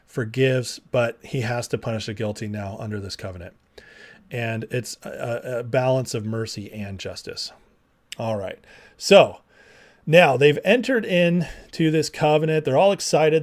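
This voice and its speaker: A man teaching a Bible class in a casual, animated way, acting out the people in the stories with slangy dialogue. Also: on the high side.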